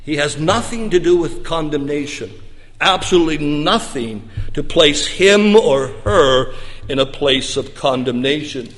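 Guy preaching a sermon, kinda high voice, big echoey church hall, punchy then goes quiet. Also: lively intonation, unhurried. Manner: emphatic, dynamic preaching with loud and soft swings. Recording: long reverb of a large hall.

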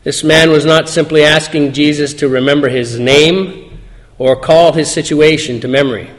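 A man reading scripture aloud and preaching a sermon in a church, in an earnest, measured way. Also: fairly high pitch, fairly even intonation. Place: church sanctuary. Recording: long hall reverb.

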